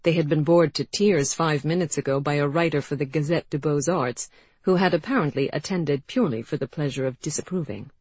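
An audiobook narrator reading a period novel in a measured, expressive way. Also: mid-range voice, breathy edge, no echo. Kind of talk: scripted narration.

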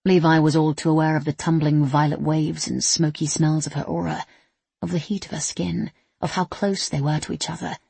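A woman narrating an audiobook in an even, steady reading voice. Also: sits low, moderate pace, vocal fry, slightly rough, no room sound.

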